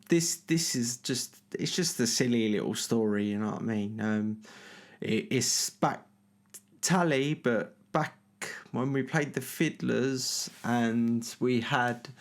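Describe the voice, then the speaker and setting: Guy, middle-aged, rambling story, tons of ums and restarts. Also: medium pitch. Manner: rambling, filler-heavy, lots of "you know what I mean". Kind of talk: casual anecdote.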